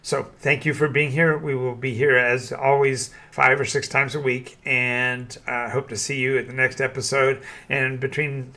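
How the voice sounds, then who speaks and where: Halting older man with a bright voice. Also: mid-range voice, flat delivery. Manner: halting, many restarts and fillers. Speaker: game master and channel host. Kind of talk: opinion monologue.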